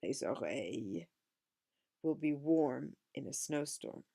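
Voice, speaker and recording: A woman's voice: deep voice, lively intonation, unhurried, gravelly, a little mellow, full character voice. A woman voicing a small cheerful male hedgehog in a picture book read-aloud.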